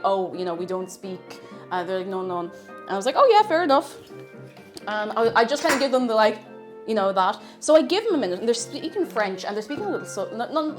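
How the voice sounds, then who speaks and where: A woman telling self-mocking anecdotes in a casual live stream, with many fillers. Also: on the high side.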